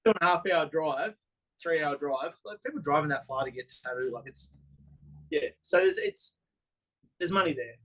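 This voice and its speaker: A man's voice: on the high side, big pitch swings, normal speed, a bit bright, low-quality recording. A man, a tattoo artist chatting casually, rambling with lots of fillers and laughs. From Australia. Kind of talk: casual chat. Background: dog barking.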